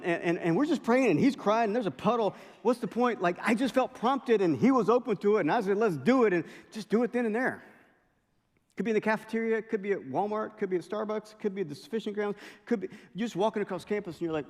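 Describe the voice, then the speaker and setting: A middle-aged male pastor preaching a sermon, telling stories in a lively way with impressions and asides. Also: fairly high pitch, fast talker. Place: large chapel hall. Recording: long chapel reverb.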